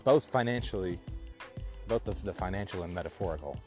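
A man's voice: low voice, lively intonation, brisk, over music. A man keeping a casual audio diary outdoors, thinking aloud and rambling with many restarts. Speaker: podcast host.

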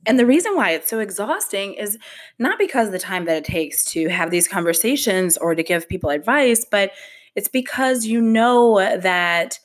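Talking into a podcast microphone, this host chats casually on her solo show, breathless and candid, often laughing at herself. She has a medium-pitched, expressive voice and speaks at normal speed.

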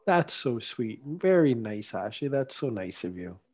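A man's voice: mid-range voice, sing-song, a little slow, a little mellow. A man hosting a casual interview, encouraging and supportive toward his guest. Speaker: host.

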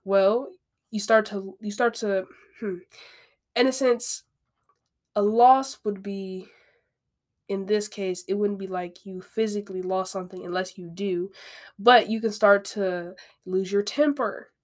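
With a medium-pitched, steady, slightly mellow voice, this woman hosts a podcast and talks through self-help advice at a measured pace. Her manner is frank and conversational, with frequent tangents and phrases said more than once.

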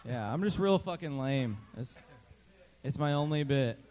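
A man's voice: mid-range voice, lively intonation, measured pace, darkish tone. A man co-hosting a live comedy podcast on stage, teasing the others with crude, profane jokes. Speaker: podcast co-host. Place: live stage before an audience.

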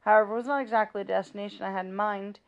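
A woman's voice: medium pitch, steady tone, rapid-fire, lo-fi sound, natural voice. Woman reading as a desperate little mouse. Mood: grim. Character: small desperate male mouse, trapped and pleading.

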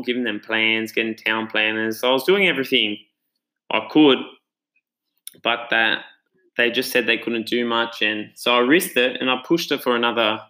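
A relaxed, chatty Australian man tells a personal story casually, sounding earnest and reflective. He's a gym owner and trainer, and his mid-pitched voice has a bright, forward tone, though the audio quality is poor.

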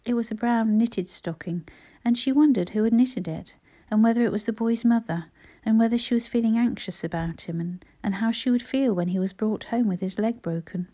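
A woman reading a children's story aloud in a measured storytelling manner. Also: fairly high pitch, mellow. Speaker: audiobook narrator.

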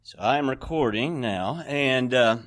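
A man's voice: medium pitch, animated, unhurried, fairly bright tone. Man, forties, recovery meeting speaker, candid, self-deprecating, personal testimony. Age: 40s.

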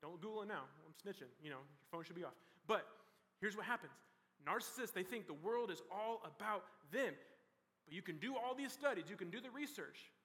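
A man's voice: sits high, animated, a little fast, fairly bright tone. A young man giving a youth sermon in a casual, chatty way, with many "like" and "you know" fillers. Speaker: youth pastor. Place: large church hall. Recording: reverberant hall.

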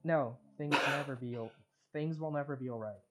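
A man co-hosting a podcast in casual chat, slowly recapping an episode. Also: mid-range voice, a bit bright. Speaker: podcast co-host.

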